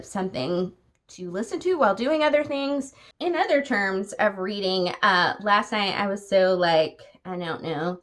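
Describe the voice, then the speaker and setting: A woman's voice: mid-range voice, a bit bright. A young woman vlogging at home, chatting casually and with opinions about books she has been reading, with many filler words. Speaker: book vlogger. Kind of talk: casual vlog chat. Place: home at night.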